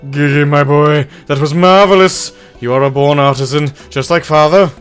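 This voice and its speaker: A man voicing a grandiose, self-assured gentleman adventurer for a game, declaiming in flowery, old-fashioned phrases. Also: a little high, moderate pace, clean tone, soft background music, natural voice. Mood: proud.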